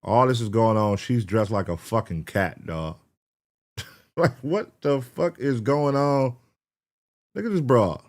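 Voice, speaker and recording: A man's voice: medium pitch, lively intonation, a little slow, pauses often, darkish tone. A man hosting a reaction video, giving brash, profane and joking commentary on the clips he watches.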